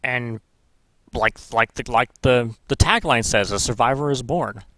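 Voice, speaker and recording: A man's voice: mid-range voice, a little slow, fairly bright tone, dry recording. A man vlogging in casual commentary, rambling and swearing, correcting himself as he goes. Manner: rambling, profane, self-correcting. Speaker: gaming vlogger.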